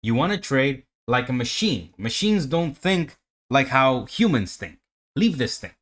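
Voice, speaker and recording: A man talks through his trades on a live stream, swearing freely and getting louder as he hypes himself up. He lectures his viewers, asks them questions and then answers himself. His voice sits at an ordinary middle pitch for a man. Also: big pitch swings, measured pace. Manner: profane, hyped, talks to himself and chat. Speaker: livestream day trader. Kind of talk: live trading commentary.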